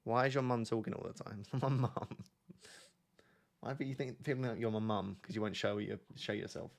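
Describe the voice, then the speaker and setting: Laid-back young man, gravelly low voice. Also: steady tone, normal speed. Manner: laid-back, joking, rambling with many fillers. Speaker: livestream host. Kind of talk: casual livestream chat, reading chat questions. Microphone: on a mic near the camera.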